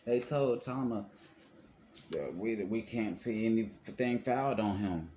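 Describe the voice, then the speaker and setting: A man vlogging, telling his own story in a heated, emphatic and profane way, his pitch swinging widely as he talks. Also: expressive, unhurried, mellow. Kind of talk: casual storytelling to camera. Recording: clear background noise.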